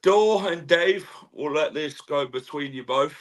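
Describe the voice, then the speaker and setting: A man hosting a casual football podcast chat, low-key and laid-back, keeping things moving with short replies. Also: measured pace. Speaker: host.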